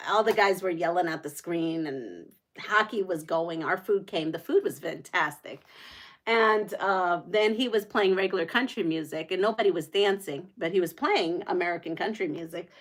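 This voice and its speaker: A middle-aged woman hosting a livestream, telling a story in casual chat, laughing often and animated. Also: fairly low pitch. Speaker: livestream host.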